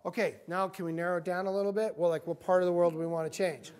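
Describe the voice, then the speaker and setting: A middle-aged man giving an energetic motivational talk to a university group, acting out quotes as he goes. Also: high voice, quick pace, clean tone. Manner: energetic, animated, acts out quotes. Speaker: guest speaker. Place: university meeting room.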